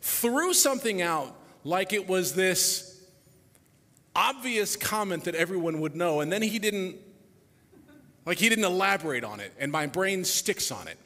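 A man giving a reflective public talk before a musical performance, animated, his voice dropping softly at the ends of phrases. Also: high-pitched, a little slow, big-room sound. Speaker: speaker introducing a musical performance.

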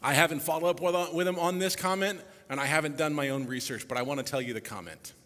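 A man giving a reflective public talk before a musical performance, animated, his voice dropping softly at the ends of phrases. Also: on the high side, fast, big-room sound. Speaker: speaker introducing a musical performance.

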